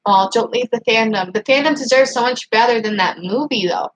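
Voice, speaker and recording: A woman hosting a casual livestream, reading out chat comments and ranting in an excitable, frustrated way with lots of "like" and restarts. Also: fairly high pitch, brisk, rough recording. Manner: excitable and frustrated, heavy use of "like". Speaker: channel host reading live chat.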